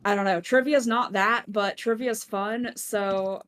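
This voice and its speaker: On an online voice call, picked up by a computer mic, a woman who's a regular in the community chats casually with a group. Her mid-range, fairly bright voice moves at a measured pace with fairly even intonation. She rambles, fills her talk with lots of "like," and pokes fun at herself.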